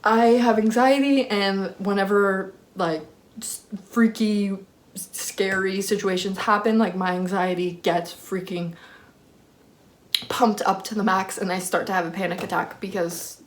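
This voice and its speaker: A young woman casually telling a personal story to camera, full of fillers, acting out her own shouting. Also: unhurried. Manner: animated, reenacts screaming at high pitch; many fillers like "like" and "freaking". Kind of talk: casual story time vlog.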